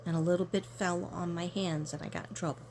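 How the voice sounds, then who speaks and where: A chatty woman reading cards for her viewers wanders from one story to the next and talks right to them. Her voice sits on the low side, and a faint hum of noise runs behind it. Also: steady tone, quick pace, a little mellow. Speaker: card reader. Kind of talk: casual storytelling to camera.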